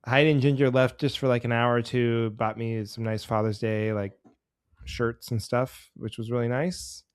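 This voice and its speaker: A man's voice: medium pitch, normal speed, smooth, no room sound. Dry-sounding man in rambling jokey chat. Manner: rambling, jokey storyteller who speeds up when excited. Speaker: podcast co-host. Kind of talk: casual chat.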